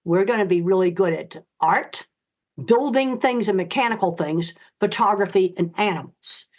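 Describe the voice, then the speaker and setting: A woman's voice: medium pitch, moderate pace. Blunt older woman, dull lo-fi audio. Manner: blunt, emphatic, direct. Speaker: guest author. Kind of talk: interview answers.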